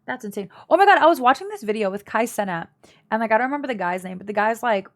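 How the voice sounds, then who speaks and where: A woman's voice: a little high, lively intonation, quick pace. Young woman streamer, casual and blunt, gossipy family storytelling for her live chat, full of fillers.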